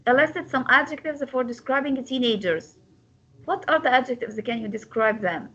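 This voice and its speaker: A woman's voice: high-pitched, normal speed, bright, forceful tone, lo-fi sound. A woman teaching an English class on word and sentence stress, repeating words and breaking them into syllables, with small grammar slips. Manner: non-native grammar slips.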